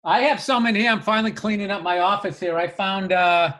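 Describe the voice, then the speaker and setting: High, bright-voiced man in casual chat. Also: steady tone, a little fast. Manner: rambling, self-deprecating, full of restarts and fillers. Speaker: comedian and podcast co-host.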